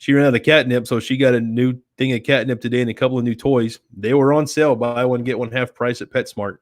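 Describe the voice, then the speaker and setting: A chatty man hosting a casual live stream from his home setup, speaking into a desk mic on a stand. His voice sits at a middle pitch and he rambles loosely with filler words, his tone relaxed and friendly. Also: fast, no echo, studio quality. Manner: rambling, chatty, talks to his cat in a soft baby voice. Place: home studio with softbox light. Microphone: desk microphone on a stand.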